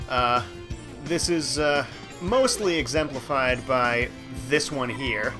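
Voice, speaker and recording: Over game music, a man with a mid-range voice hosts a let's play, speaking slowly but animatedly. He comments casually on his play, wandering into self-deprecating asides.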